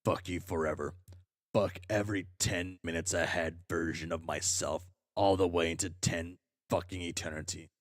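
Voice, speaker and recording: A man reading aloud as a furious, foul-mouthed young male troll, ranting and swearing at himself in shouted tirades. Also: sits low, fairly even intonation, normal speed, no echo, studio quality, lightly acted. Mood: bitter.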